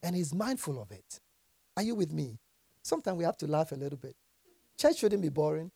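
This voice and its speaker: Male pastor, animated sermon delivery, husky voice, very expressive pitch, often laughing. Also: a little fast, dry recording. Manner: animated, laughing often, swinging from quiet to shouting. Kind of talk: lively sermon with scripture reading.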